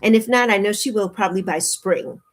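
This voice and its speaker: A woman in her early sixties hosting a casual livestream, chatting warmly and repeating her phrases as she answers viewers' comments. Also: medium pitch, a little fast. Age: 60s. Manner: warm, chatty, repeats phrases, laughs often. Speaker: livestream host.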